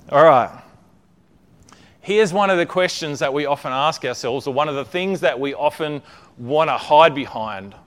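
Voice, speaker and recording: A man's voice: on the high side, lively intonation, a little slow. A man preaching a conversational sermon, often checking in with his listeners and repeating words as he builds a point.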